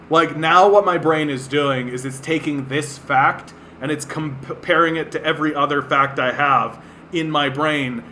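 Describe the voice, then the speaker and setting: Male streamer from Canada, exasperated sweary rant, slow delivery, slightly high pitch, faint background hiss. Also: sharp tone. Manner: exasperated, sweary, laughing in disbelief. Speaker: livestream host. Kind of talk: ranting livestream commentary.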